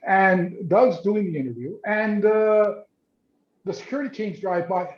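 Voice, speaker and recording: A photojournalist guest with a high male voice tells a story casually over a video call at normal speed. He's animated, repeating words and frequently starting over. The call audio is roomy and dull.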